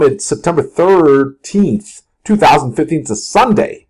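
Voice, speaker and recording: A man talks through stock charts in a loose, rambling way, cracking jokes as he goes. His pitch rises and falls a lot, and his voice is a little husky and a touch higher than most men's. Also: expressive, unhurried, a little mellow. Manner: rambling, jokey, slips into mock outbursts and sung lyrics. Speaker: market video host. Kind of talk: casual market commentary over charts.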